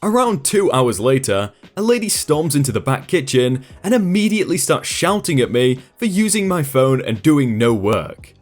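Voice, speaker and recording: A man's voice: medium pitch, big pitch swings, moderate pace, hardly any pauses, faint music behind. A man reading a first-person story aloud in a dry, sarcastic storytelling manner. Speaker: storytime narrator.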